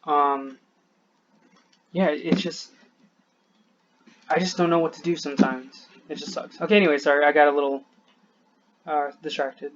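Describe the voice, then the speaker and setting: A man with a fairly high voice rants into a dull, lo-fi recording. He sounds short of breath and worn down, rambling, breaking off mid-thought and cursing often. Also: steady tone, normal speed, pauses often, fairly bright tone, a little hiss or hum. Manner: frustrated, rambling, swears a lot, trails off. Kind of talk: venting to camera.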